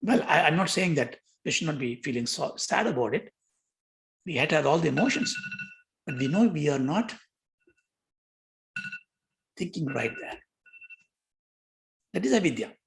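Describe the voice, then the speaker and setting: An older man giving a lecture on yoga philosophy, lively and questioning, often repeating himself. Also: fairly high pitch, moderate pace, gravelly, pauses often.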